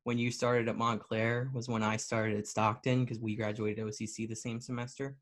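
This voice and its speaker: A man in his twenties co-hosts a podcast in casual conversation. His voice sits at an average pitch, and he tells his story in an easy, relaxed way. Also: moderate pace. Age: 20s. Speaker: podcast co-host.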